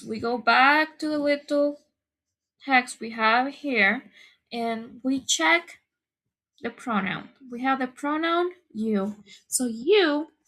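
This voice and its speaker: A high-voiced woman explains an English grammar lesson. She speaks slowly and patiently, repeating each key point so learners can follow. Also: pushed and bright. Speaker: English teacher. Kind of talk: slow, careful lesson explanation.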